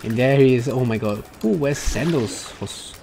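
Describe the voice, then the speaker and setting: A man's voice: medium pitch, normal speed, gravelly, over music. A man giving casual, playful commentary over his gameplay, chatting and cheering on the characters on screen. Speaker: let's play gamer. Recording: noisy home recording.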